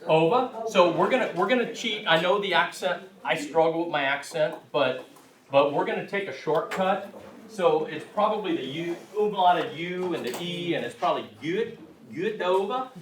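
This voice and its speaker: A man's voice: a little high, moderate pace, a crowd in the background. A man leading a language class, friendly and laughing along with the group. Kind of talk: classroom teaching. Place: large echoey meeting hall. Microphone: distant room mic. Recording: echoey hall from far off.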